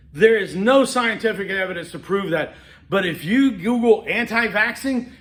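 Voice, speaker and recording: A man's voice: sits high, a bit bright, reverberant. A man teaching a college class, talking conversationally and rambling, with frequent fillers and restarts. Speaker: college instructor. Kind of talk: classroom lecture.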